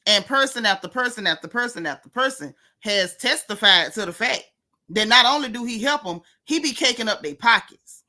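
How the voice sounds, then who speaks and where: A woman's voice: on the high side, expressive, normal speed, sharp tone. A woman hosting a casual gossip livestream, sassy and mocking as she talks straight to her viewers. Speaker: host of a gossip channel.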